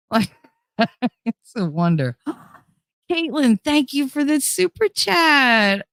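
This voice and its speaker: A woman's voice: mid-range voice, expressive, a little slow, pauses often, no echo, studio quality. Blunt, swearing woman livestream host. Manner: blunt and profane, reading chat aloud. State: tired, running on fumes. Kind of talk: casual livestream chat.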